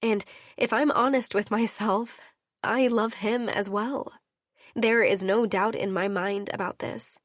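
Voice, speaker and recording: A woman narrating a romance audiobook in the first person, her reading intimate and unhurried. Her voice sits mid-range, recorded close and dry. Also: medium pitch, steady tone, dry recording.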